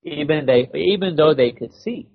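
A man giving a spiritual lecture in short measured phrases with rhetorical questions, pausing for an interpreter, on a dull lo-fi recording. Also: on the high side, gravelly.

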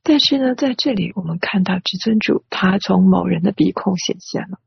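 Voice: medium pitch, lively intonation, brisk, vocal fry, slightly rough, no echo. An interpreter rendering a sermon phrase by phrase, hesitant with many filler sounds, on a dry, dull lo-fi recording.

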